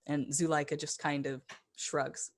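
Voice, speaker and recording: A woman narrating as game master in a tabletop game, pausing often with ums and uhs. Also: low voice, little pitch movement. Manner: hesitant, lots of ums and uhs.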